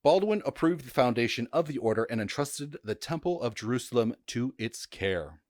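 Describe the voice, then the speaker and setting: A man's voice: mid-range voice, animated, moderate pace, no echo, studio quality. A man hosting a casual history podcast, chatty and jokey, with frequent fillers and stumbles over names. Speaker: podcast host.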